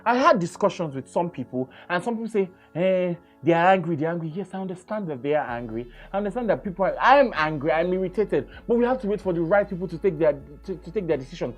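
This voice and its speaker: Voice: mid-range voice, expressive, quick pace, hardly any pauses, faint music behind. A Nigerian radio host with a Nigerian accent, delivering an emphatic opinion monologue and repeating phrases for stress.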